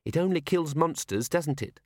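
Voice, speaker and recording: A man reading aloud, voicing a calm, matter-of-fact young girl. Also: a little high, moderate pace, dry recording, studio quality, voice pushed up.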